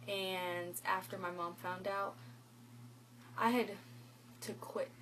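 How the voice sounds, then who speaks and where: On a low-quality recording with a slight hiss or hum, a teenage girl vlogs about something from her own life. Her voice is mid-range, and she retells conversations in animated quoted lines, saying "like" often.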